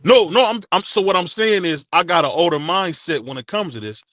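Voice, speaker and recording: An emphatic middle-aged man on a remote call, heated in a sports talk debate. His voice is a touch high and the sound is dry and close, with no room around it. He repeats phrases to keep the floor. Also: lively intonation, brisk, a bit bright, no echo. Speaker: panel guest.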